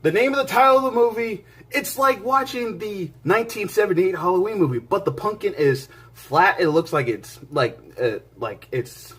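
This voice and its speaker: An enthusiastic man reviews a film on his own channel, rambling and restarting his sentences as he goes. His voice sits a bit higher than most men's, and it swings from loud bursts down to quiet muttering. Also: normal speed, few pauses, breathy edge. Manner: excitable and rambling, with many restarts and asides. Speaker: movie reviewer and channel host. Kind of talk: casual spoken movie review.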